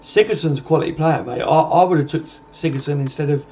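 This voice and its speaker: A man's voice: on the high side, quick pace, vocal fry, darkish tone, a little hiss or hum. A man hosting a casual football livestream, chatting and answering viewer comments in a matey, informal way. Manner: chatty, matey, calls everyone mate.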